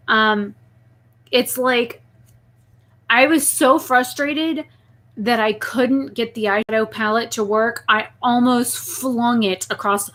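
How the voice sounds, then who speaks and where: A young woman chatting casually on a live stream, reading viewer messages and telling stories with lively outbursts. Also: fairly high pitch. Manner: chatty, reads viewer messages, talks to her pet snake in a soft baby voice.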